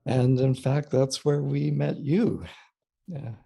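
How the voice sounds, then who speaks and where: A man's voice: mid-range voice, flat delivery, takes it slowly, creaky, mellow, slightly rough. An older man, a guest in an interview, telling stories about his past and laughing often as he talks. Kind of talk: storytelling conversation.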